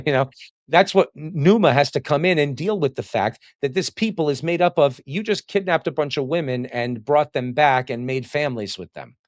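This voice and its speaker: A host reads a classical text aloud and comments on it casually and digressively, laughing often and slipping into mocking voices for quotes. His voice is on the high side, his pace moderate, with no room sound.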